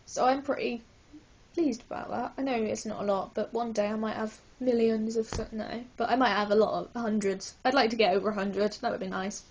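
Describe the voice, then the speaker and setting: A woman's voice: a little high, fairly even intonation, fairly quick, a little mellow, slight background noise. A woman vlogging a casual book review, hyper and giggly, rambling with lots of apologetic asides.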